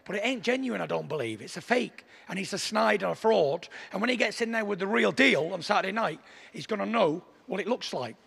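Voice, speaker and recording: A man's voice: high voice, animated, brisk, creaky, fairly bright tone, slightly rough, long reverb tail. A man from Britain, a boxer boasting and taunting at a press conference. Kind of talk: press conference trash talk.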